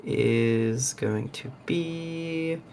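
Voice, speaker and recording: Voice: medium pitch, extremely slow, creaky, darkish tone, slight background noise. A tabletop game player talking in an easygoing, playful way. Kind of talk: casual tabletop play.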